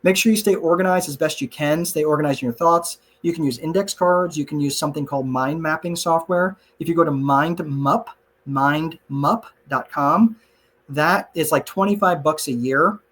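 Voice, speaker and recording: A man's voice: a little high, normal speed, fairly bright tone. A man teaching a casual online class and answering chat questions, conversational and self-joking, with frequent asides to listeners. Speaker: class presenter.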